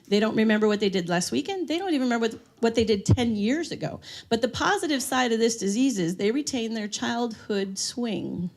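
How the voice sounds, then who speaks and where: Speaking at a fairly high pitch with a slightly mellow quality, a woman gives a live seminar talk on dementia care. She tells stories and poses questions to the audience in the room.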